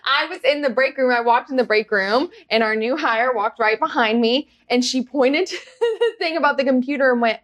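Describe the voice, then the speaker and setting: A woman's voice: high voice, moderate pace. A woman co-hosting a podcast, telling funny work stories in casual chat and acting out what people said. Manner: animated storyteller, acts out quotes. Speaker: podcast co-host.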